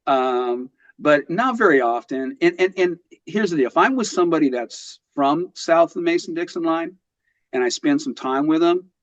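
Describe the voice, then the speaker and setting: A man in his fifties with a light West Texas accent, a podcast guest talking casually and thoughtfully, with frequent pauses and restarts. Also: fairly high pitch, animated, dry recording. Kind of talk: casual interview. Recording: dull lo-fi audio.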